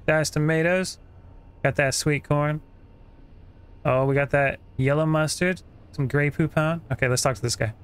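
A man's voice: a little high, steady tone, normal speed, pauses often, background noise. A man hosting a gaming channel, giving casual, joking running commentary as he plays. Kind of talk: let's play commentary. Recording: game audio playing behind.

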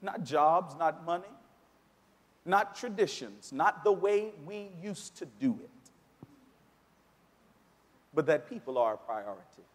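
A man preaching in a church with a fairly high voice. He builds dramatically toward near shouts at his points of emphasis, and his voice rings through a long hall reverb. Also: lively intonation, slow, long pauses. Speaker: pastor. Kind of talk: sermon. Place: church sanctuary.

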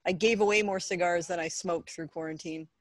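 A woman's voice: lowish voice, steady tone, fairly quick, dry recording. A woman talking as a guest in a casual podcast chat, frank with dry humor.

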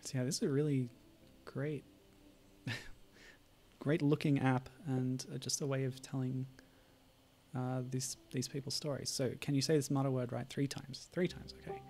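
A man's voice: medium pitch, flat delivery, measured pace, long pauses, darkish tone, faint music behind. A man streaming and chatting casually about games, hesitant and full of ums. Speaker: game streamer.

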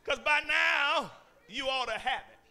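A man preaching a sermon as guest pastor in a church, shouting call-and-response lines broken by frequent "uh" pauses. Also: very high voice. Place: church sanctuary.

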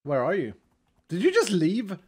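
Playful Swedish man with a lively voice. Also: high voice, moderate pace, breathy edge. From Sweden. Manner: laughs often, playful and teasing. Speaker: streamer and host. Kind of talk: casual chat while playing a game.

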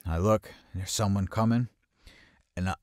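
A man's voice: steady tone, moderate pace, no echo, clean studio sound. A man telling a personal story in casual first person, cursing freely and often restarting his sentences. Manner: profane, with frequent restarts and repeated words; grows louder and higher at tense moments.

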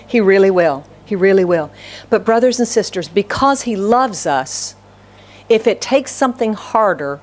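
Woman pastor preaching conversationally. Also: on the low side. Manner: earnest, conversational, asks the congregation questions. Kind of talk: sermon.

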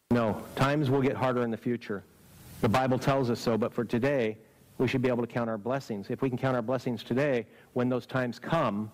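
A man's voice: medium pitch, a little mellow, low-quality recording. Earnest man preaching a sermon. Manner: earnest, exhorting, asks the audience rhetorical questions. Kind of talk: camp-meeting sermon.

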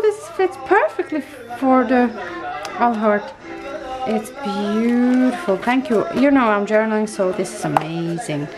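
Slow, gushing woman with a higher voice. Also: expressive, over music, crowd noise. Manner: gushing, delighted exclamations; slow, soft, searching for words. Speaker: vlogger opening happy mail. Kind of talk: casual unboxing chat.

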